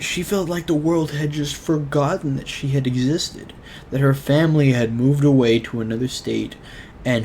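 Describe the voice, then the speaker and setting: Telling a personal anecdote on his own show, this young host rambles earnestly and leans heavily on filler words. His mid-range voice sounds a little mellow over faint background noise, in the style of a casual storytelling vlog.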